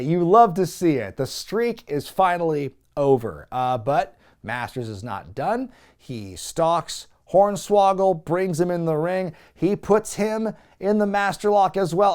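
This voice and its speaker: A man hosting a wrestling review show, giving a casual, sarcastic, animated recap with some swearing. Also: on the high side, normal speed, hardly any pauses.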